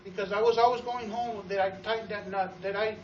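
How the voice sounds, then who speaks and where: A man giving an energetic testimonial to a live audience about running his store, telling stories with acted-out quotes and often repeating words. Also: high-pitched, fairly quick, slight background noise. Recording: roomy, distant, dull sound.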